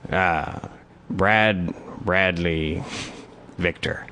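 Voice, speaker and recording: A man's voice: deep voice, very slow, pushed and bright, a little hiss or hum, voice pushed down, heavily acted. A man voicing a homeless man on the street who mumbles with hesitant fillers and bursts into screaming threats. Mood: mumbling.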